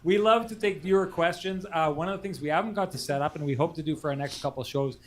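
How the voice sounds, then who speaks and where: A talkative man co-hosting a post-game sports show from a bar. His voice sits a little high for a man, and he argues his points with energy. He laughs easily and teases his co-host. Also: fast talker. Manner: animated, opinionated, laughs often. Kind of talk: casual sports talk.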